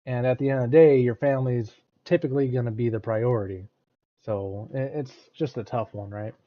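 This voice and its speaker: Brief: American guy, reaction streamer, halting thinking-out-loud delivery, a bit dull lo-fi mic. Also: medium pitch, steady tone. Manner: hesitant, restarts and repeats words. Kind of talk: casual commentary.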